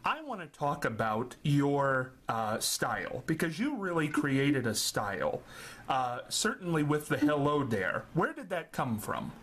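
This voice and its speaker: A man's voice: on the high side, very animated, unhurried, fairly bright tone. A man hosting an interview, asking polite questions with a slight stammer. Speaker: interviewer host. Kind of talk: casual interview.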